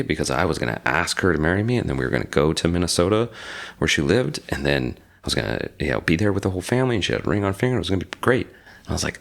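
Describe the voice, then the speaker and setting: A man's voice: low voice, fast talker, vocal fry. A man in his forties, a podcast guest, telling a personal story in a casual interview and acting out the other people's lines. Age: 40s. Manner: animated storyteller acting out quoted dialogue. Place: lives in Reno.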